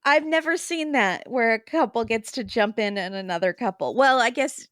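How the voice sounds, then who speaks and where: Casting note: woman co-host, mid pitch, close dry sound, incredulous casual chat. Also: normal speed, a bit bright, dry recording. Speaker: podcast co-host.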